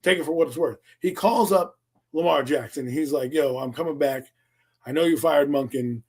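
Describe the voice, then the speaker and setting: A man co-hosting a casual sports talk show, telling profane, animated stories. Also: a little high, normal speed, husky. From Philadelphia area, US. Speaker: podcast co-host.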